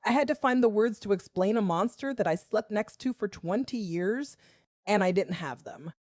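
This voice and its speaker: A woman in her forties from the American South, a school principal and storyteller, tells her own story in a wry, confessional first person. Her medium-pitched voice sounds close and dry with no room sound, and her delivery stays measured and steady.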